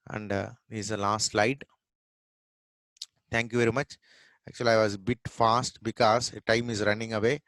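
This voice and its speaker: A man's voice: on the low side, flat delivery, moderate pace, pauses often, fairly bright tone, dry recording, poor audio. A middle-aged man teaching pronunciation, repeating each word several times and contrasting it with the wrong way to say it. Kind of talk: classroom lesson, drilling words one at a time.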